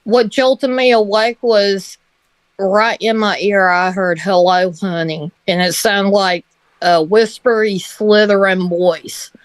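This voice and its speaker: A woman telling a story on a livestream in a slow, hesitant way, often breaking into laughter. Her voice sits at a middling pitch. The recording is dry and close. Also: fairly even intonation, no room sound. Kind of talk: casual storytelling.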